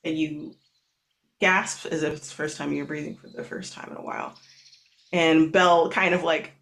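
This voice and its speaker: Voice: medium pitch, steady tone, moderate pace, vocal fry, fairly bright tone. Game master narrating with many fillers.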